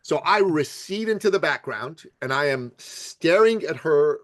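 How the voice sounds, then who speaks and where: A man's voice: a little high, measured pace, dry recording. An older man, a podcast guest, telling a story in conversation and acting out the people he quotes. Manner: lively storyteller who acts out the people he quotes.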